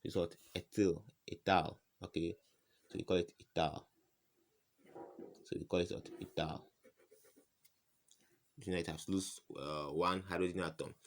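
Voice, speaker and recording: Very deep-voiced man teaching chemistry. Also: steady tone, moderate pace, gravelly, pauses often. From West Africa. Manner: asks rhetorical "what?" questions and repeats answers. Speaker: chemistry tutor. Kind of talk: informal whiteboard lesson.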